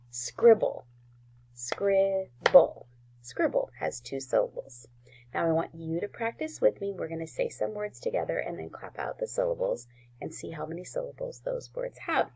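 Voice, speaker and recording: A woman teaching a recorded phonics lesson to first graders, sounding out words slowly and clearly with gentle encouragement. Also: lowish voice.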